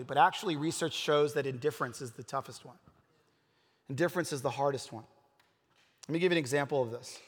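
A man's voice: medium pitch, fast, long pauses, husky. A man preaching a casual, conversational sermon, telling personal stories in an earnest way with many fillers and restarts. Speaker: pastor. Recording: long reverb of a large hall.

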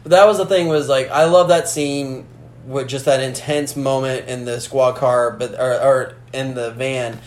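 Animated man in an echoey room. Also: medium pitch, unhurried. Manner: animated, acts out movie lines in character voices. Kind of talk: casual film discussion.

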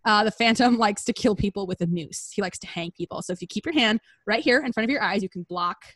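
A woman's voice: mid-range voice, fast, fairly bright tone, dry recording, natural voice. Woman doing a matter-of-fact ballet mistress. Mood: explaining. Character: knowing older ballet mistress.

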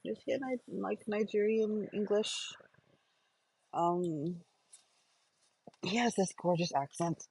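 A podcast host sits in a car recording a casual, stream-of-consciousness audio journal on her phone's voice recorder, chatting along with many fillers and self-corrections. Her medium-pitched voice is slow, a little mellow and husky, with frequent pauses, and the recording quality is rough.

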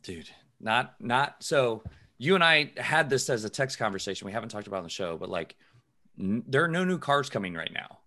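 A man's voice: medium pitch, lively intonation, a little fast, bright, forceful tone. A man co-hosting a podcast in casual chat, rambling with lots of fillers and frequent laughs. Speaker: podcast co-host.

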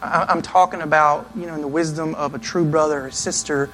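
A man preaching a sermon in an earnest, conversational way, now and then acting out quick asides. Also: a little high, fairly even intonation, a bit bright, rough recording. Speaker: pastor.

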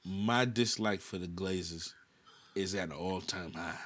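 A man's voice: low-pitched, unhurried. A man from the United States, ranting in a casual chat on a podcast and cursing a lot. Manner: animated ranting, heavy cursing.

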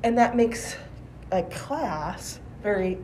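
A woman in her forties, a teacher, answering interview questions in a thoughtful, measured way with restarts. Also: medium pitch, animated, mellow, a little hiss or hum, low-quality recording. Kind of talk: conversational podcast interview.

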